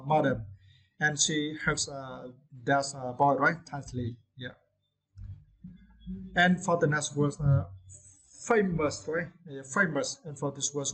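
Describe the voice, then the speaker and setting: A man whose first language is Vietnamese teaching English vocabulary, pausing often with "uh" and checking with "right?". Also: on the high side, low-quality recording. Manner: hesitant, many "uh"s and "right?" checks. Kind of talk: vocabulary lesson.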